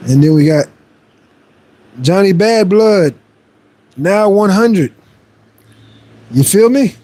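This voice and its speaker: Male fitness streamer, slightly high voice, upbeat motivational chat with viewers. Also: lively intonation, takes it slowly, mellow. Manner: playful boasting with laughs. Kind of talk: casual livestream chat, reading viewer messages aloud.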